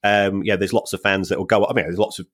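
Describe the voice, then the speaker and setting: A male football finance expert co-hosts a podcast in a dry, chatty way. He often stumbles and repeats words as he works through his points, and his voice sits slightly low. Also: level tone, fast. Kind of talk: casual chat.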